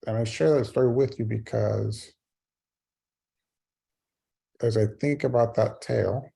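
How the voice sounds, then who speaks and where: Man, middle-aged, keynote storyteller, gravelly, husky, wry humor. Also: on the low side, steady tone, unhurried, mellow. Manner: wry, self-mocking humor. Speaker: keynote speaker. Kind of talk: storytelling speech.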